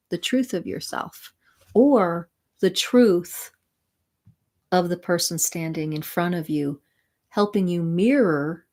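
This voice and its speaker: A woman spiritual mentor and sound healer, talking gently and soothingly to viewers of a live stream. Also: lowish voice.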